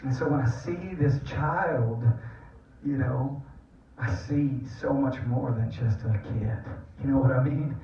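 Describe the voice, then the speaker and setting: A man's voice: medium pitch, a little slow, warm tone, slight background noise. A man giving a personal testimony sermon to an audience, telling family stories in an earnest, tender way. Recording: dull, echoey room from far off.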